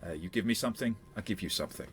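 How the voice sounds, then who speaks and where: A man's voice: on the low side, very fast, fairly bright tone, close to an everyday voice. A man voicing a pushy, sleazy male newspaper editor who bargains for information, in a put-on accent, in a tabletop game. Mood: bargaining.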